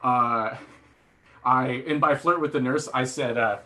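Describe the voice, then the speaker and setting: A male stand-up comedian tells a long self-deprecating story, bright and forceful in tone. He rambles with plenty of fillers and restarts and acts out quotes of other people along the way. It is a live comedy performance on a theatre stage. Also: mid-range voice, fairly even intonation, measured pace. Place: theatre stage before a laughing audience.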